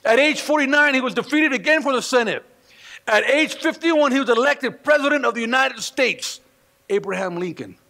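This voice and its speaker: A male pastor delivers his sermon in a high, lively voice with a gravelly, bright edge. He tells stories and slips into the voices of the people in them. His voice rings with the long reverb of a church hall. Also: normal speed. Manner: storytelling preacher who acts out quoted voices. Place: church sanctuary.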